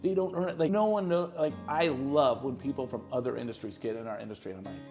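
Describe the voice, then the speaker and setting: A middle-aged man, a real estate agent on a podcast, telling lively stories and acting out the people in them. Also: mid-range voice, fast, faint music behind. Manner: lively, acts out quotes in his stories. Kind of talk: animated storytelling in an interview.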